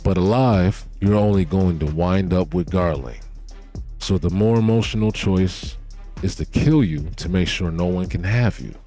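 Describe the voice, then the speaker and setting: A man's voice: sits low, a little slow, warm tone, soft background music. A man reading as a sneering villain noble. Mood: menacing. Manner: sneering and threatening. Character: cruel, possessive male villain noble.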